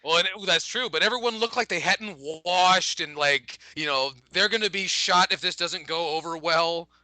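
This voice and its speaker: A man's voice: sits high, normal speed, pushed and bright, no echo. A man hosting a podcast in casual chat, rambling with lots of fillers and swearing. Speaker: podcast host.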